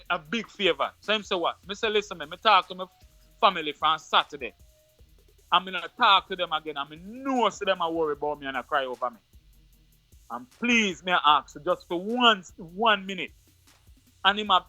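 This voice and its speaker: A man with a Jamaican accent, an interview guest who tells a personal story in patois in an animated way, often repeating his words. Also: high-pitched, no room sound.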